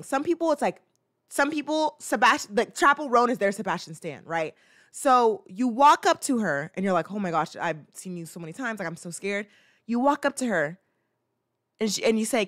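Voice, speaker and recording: A woman's voice: medium pitch, a bit bright. A woman chats casually as a show host, reacting to a clip. She rambles, restarts her sentences and acts out playful little scenes. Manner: rambling, chatty, many fillers and restarts.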